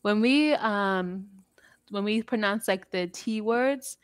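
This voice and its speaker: A woman's voice: medium pitch, slow, clear, resonant tone, dry recording, clean studio sound. A woman with a standard American accent teaching English on a video call, patient and friendly as she explains pronunciation. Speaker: English tutor. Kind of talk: online English lesson.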